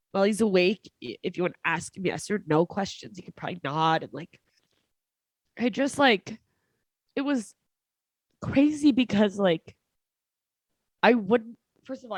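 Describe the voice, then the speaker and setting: A woman with a fairly low voice talks through a personal story in a loose, conversational way. She often stops and restarts, leans on fillers, and drops in a short laugh now and then. The sound is dry and close to the mic. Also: no echo. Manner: halting, many fillers and restarts, laughs between lines. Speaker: comedian guest.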